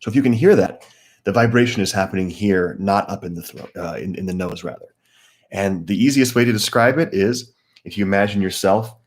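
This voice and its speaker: Leading a live guided meditation session, a man with a lowish voice calmly walks through breathing techniques and welcomes viewers by name.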